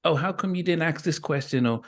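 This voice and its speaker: A man's voice: fairly high pitch, a little fast. Hesitant man hosting an interview. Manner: hesitant, stumbling over words. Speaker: interview host. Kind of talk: casual interview chat.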